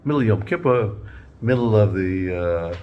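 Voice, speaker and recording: Low-voiced man giving a casual Torah class. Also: lively intonation, moderate pace, muffled recording, a little hiss or hum. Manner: conversational, repeats and restarts words, mixes Hebrew and Yiddish terms. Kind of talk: informal Torah lecture.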